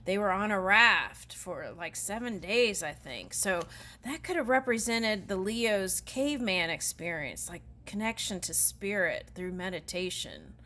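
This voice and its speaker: A woman doing a tarot reading, talking slowly and unhurriedly. Her voice is bright and forward. She reads passages aloud, then drifts into chatty, giggly commentary. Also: medium pitch, lively intonation, a little hiss or hum. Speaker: tarot reader. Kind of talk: casual spiritual card reading.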